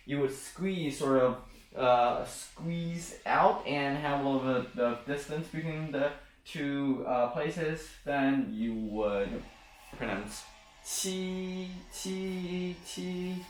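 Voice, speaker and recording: A man's voice: medium pitch, distant mic. Young man teaching in an echoey room. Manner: chatty, self-joking, many fillers. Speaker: language teacher. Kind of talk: casual pronunciation lesson.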